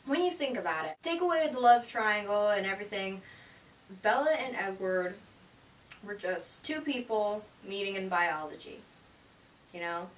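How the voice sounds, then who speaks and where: A woman's voice: medium pitch, expressive, moderate pace. A teenage girl reviewing a movie in a chatty, gushing way, with lots of "like". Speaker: vlogger. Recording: roomy, distant mic, faint hiss.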